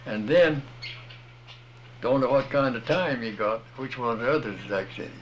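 A plain-spoken man talks through a point step by step, in a folksy, patient manner. His voice sits at an ordinary middle pitch. A faint hiss and some outdoor ambience sit behind him. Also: moderate pace. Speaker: music teacher explaining rhythm. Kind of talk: casual explanation.

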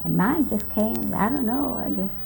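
A woman's voice: on the high side, lively intonation, normal speed, creaky, dark tone, a little hiss or hum, low-quality recording. An older woman from South Texas, rambling through memories in a recorded interview, quoting what others told her and correcting herself often. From South Texas, USA. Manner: rambling storyteller, quoting others, many restarts. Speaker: oral history interviewee. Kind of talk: recorded reminiscence.

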